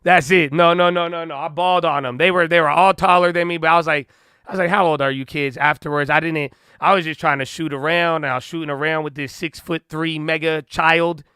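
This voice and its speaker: A man's voice: a little high, steady tone, fairly quick, clean tone, no echo, clean studio sound. A young man hosting a casual live stream, slangy and hyped, a little winded. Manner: hyped, slangy, shouts out viewers. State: winded, out of breath. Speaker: live-stream trading host.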